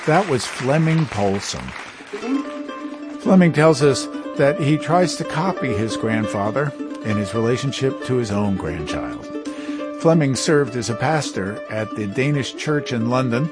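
A male radio host reads a scripted link in a calm, measured way, pitched in an ordinary middle range. Plucked guitar music plays clearly behind him. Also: over a noisy crowd.

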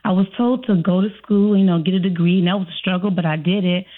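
Speaking fast in a lowish, steady voice, this guest is a self-trust coach from Chicago with a slight accent from the city. She answers interview questions and dramatizes her own inner thoughts, and the audio sounds tinny, like a phone call.

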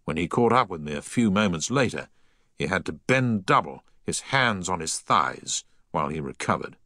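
A man reading a story aloud in the first person, with a deep but bright, forward tone. His pitch moves expressively through the sentences, recorded close and dry. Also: big pitch swings, moderate pace, no room sound. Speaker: narrator. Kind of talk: audiobook narration.

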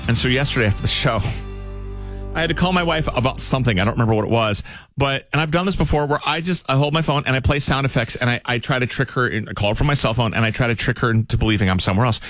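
A man's voice: very fast, faint music behind. A man hosting a radio show, telling a story with lots of acted-out voices, recorded in a studio. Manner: animated storyteller, acts out quotes in a high voice. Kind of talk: morning radio banter.

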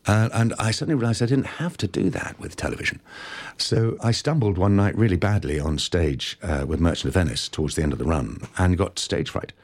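A middle-aged actor telling stories in an interview, animated and stumbling over restarts. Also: male voice, deep voice, fairly quick. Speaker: actor, guest. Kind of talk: interview anecdote.

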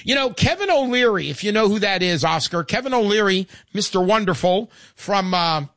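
Older male radio host, high and animated, chatty and emphatic, dry close sound. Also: moderate pace, no echo. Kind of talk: call-in radio talk.

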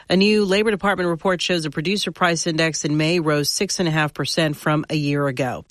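A man reading the hourly radio newscast in a measured, formal way. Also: fairly high pitch, fairly bright tone, dry recording, clean studio sound.

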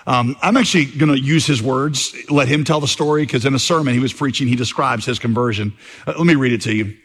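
A man's voice: medium pitch, quick pace, a bit bright, husky. Conversational man preaching in a reverberant church. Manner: conversational, storytelling delivery with fillers. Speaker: pastor. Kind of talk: sermon. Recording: long reverb.

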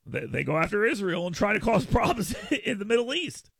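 Creaky, stammering talk radio host. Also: male voice, high voice, sing-song, a little fast, fairly bright tone, no echo. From United States. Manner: stammers and restarts, doubling first words. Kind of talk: opinion talk radio monologue.

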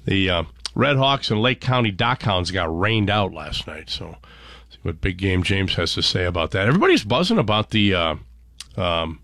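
A man's voice: sits low, sing-song, normal speed, fairly bright tone, no echo, studio quality. A man hosting a morning radio show, chatting casually, joking and reading station promos and headlines.

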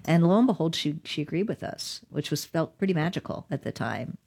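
A middle-aged woman with a notably low voice recounts events as an interview guest. She tells it in an animated way and laughs often as she goes. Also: brisk, vocal fry. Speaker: digital rights lawyer. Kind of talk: storytelling in an interview.

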